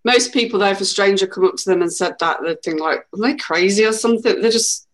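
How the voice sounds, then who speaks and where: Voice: mid-range voice, quick pace, a bit bright. A co-host in a casual chat, chiming in with agreeable comments. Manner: agreeable, chatty.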